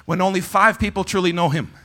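A male pastor preaching in a church, calling on the congregation to shout back, dropping Spanish words into his talk, and swinging between loud shouting and hushed, low passages. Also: quick pace. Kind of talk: call-and-response preaching. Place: church sanctuary.

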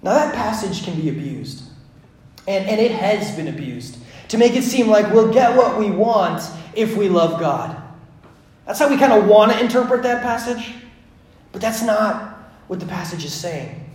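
High-voiced pastor preaching in an echoey room. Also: male voice, moderate pace. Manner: swings from hushed to animated storytelling. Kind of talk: sermon.

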